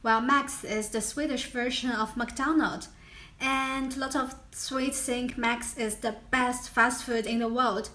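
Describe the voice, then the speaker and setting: Young female vlogger, Chinese accent, high and slow, playful, roomy echo. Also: steady tone, sharp tone. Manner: playful, imitates animal sounds between explanations. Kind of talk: casual vlog.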